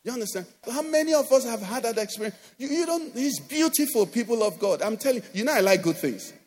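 A man with a Nigerian accent preaching a sermon as pastor, animated, acting out quoted voices and often asking "do you understand?". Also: extremely high pitch, fast talker. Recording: long hall reverb.

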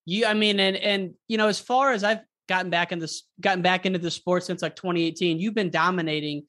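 Podcast host, easygoing interviewer, mid pitch, casual and meandering. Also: a little fast. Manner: relaxed, rambling questions with fillers.

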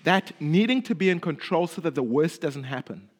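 Man, sermon, high voice, lively pitch swings, soft low phrase endings, repeats words. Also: moderate pace, husky. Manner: expressive, drops low and quiet at phrase ends, repeats words when emphatic. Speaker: preacher.

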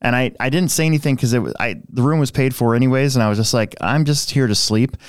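A man's voice: medium pitch, fast, clear, resonant tone, dry recording, clean studio sound. A man co-hosting a hobby podcast, telling a rambling story in casual chat and restarting his sentences often. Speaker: podcast co-host.

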